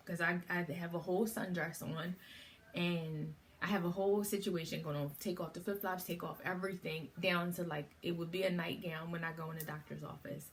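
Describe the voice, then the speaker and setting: Middle-aged woman, casual vlog storytelling, lowish voice, faint room ambience. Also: slight background noise. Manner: chatty, animated retelling with fillers. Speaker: vlogger.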